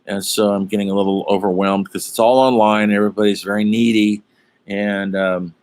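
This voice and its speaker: A man's voice: fairly low pitch, fairly even intonation, brisk, darkish tone, clean tone. Rambling middle-aged male college lecturer. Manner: rambling, chatty, many fillers and asides. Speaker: college humanities instructor. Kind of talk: casual online lecture.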